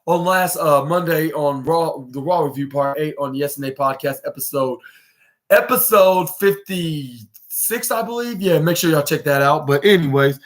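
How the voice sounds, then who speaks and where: A man's voice: a little high, normal speed. A man hosting a podcast, rambling through a casual wrestling recap with lots of restarts and fillers, and acting out what the wrestlers said. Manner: animated, acts out quoted lines. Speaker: podcast host.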